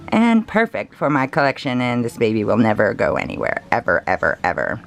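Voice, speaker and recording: A woman chatting casually and gushing softly, laughing often as she shows off her collection. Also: very deep voice, big pitch swings, measured pace, a little hiss or hum. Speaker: reborn doll collector. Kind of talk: casual show-and-tell vlog.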